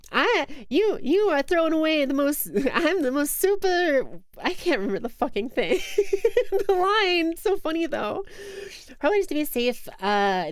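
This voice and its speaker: A woman's voice: sits high, clean tone, dry recording. A young woman streaming a game, chatting casually in a giggly, self-mocking way into a close mic. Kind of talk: casual live-stream chat.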